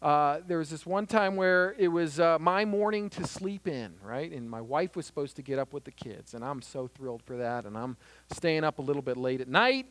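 Lively, high-voiced man teaching. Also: normal speed, dry recording. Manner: earnest and lively, acts out little scenes. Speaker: Christian teacher on marriage conflict. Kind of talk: conversational teaching with personal stories.

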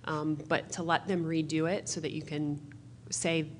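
A woman's voice: deep voice, steady tone, normal speed, a little hiss or hum. A woman in the audience, a mother, earnestly telling a story about her family with many fillers. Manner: earnest, many fillers, mimics children's voices.

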